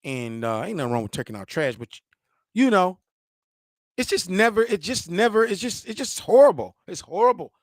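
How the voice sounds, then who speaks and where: A man with a high, very lively voice gives animated casual commentary straight to the viewer. He laughs often, repeats himself and drops into mock voices. The sound is dry and close. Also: moderate pace, no room sound.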